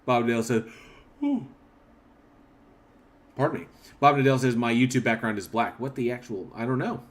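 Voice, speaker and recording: A man's voice: mid-range voice, normal speed. A man hosting a casual livestream, rambling with restarts as he reads viewer comments aloud and answers them. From northern Oklahoma. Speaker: livestream host.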